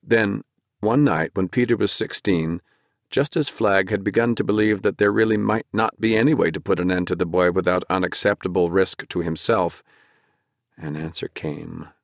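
A man narrating a dark fantasy audiobook in a measured, dramatic storytelling manner. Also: low voice, gravelly, no room sound, clean studio sound.

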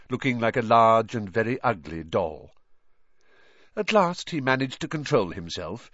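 Male storybook narrator, lively pitch, dry dull lo-fi sound. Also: no echo. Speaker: audiobook narrator. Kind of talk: scripted narration.

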